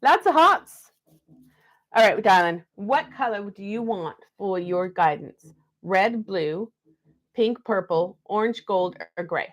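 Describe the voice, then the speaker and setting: A woman's voice: medium pitch, measured pace. A woman hosting a live stream card reading, chatting and laughing between the messages she reads aloud. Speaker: card reader.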